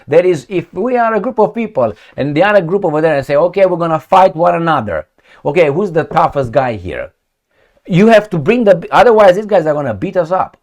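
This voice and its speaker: A man with a fairly high voice hosts a solo political commentary. He talks in an animated, mocking way and often restarts his sentences.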